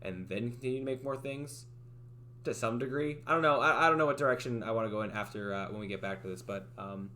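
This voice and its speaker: A man's voice: mid-range voice, fast talker, bright, forceful tone. A man chatting casually on his livestream, rambling about his game project with lots of "like" and frequent restarts.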